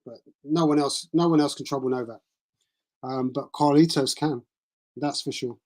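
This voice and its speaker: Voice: mid-range voice, fairly even intonation, normal speed, darkish tone. A tennis streamer chatting casually on a live stream, rambling and thinking aloud with fillers. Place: cold room at home with a small heater.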